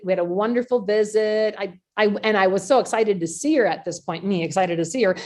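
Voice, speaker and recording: A woman hosting a podcast, telling a personal story in a chatty, animated way, acting out her own past reactions. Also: medium pitch. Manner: chatty, with frequent fillers and laughs. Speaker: podcast host. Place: community call or podcast recording.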